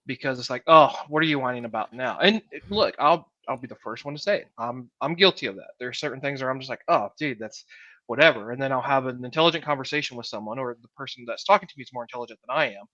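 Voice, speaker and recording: A man's voice: mid-range voice, rapid-fire, few pauses, pushed and bright, no room sound, lo-fi sound. A man co-hosting a podcast, talking casually and rambling, often repeating words while he gathers his thoughts. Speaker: podcast co-host.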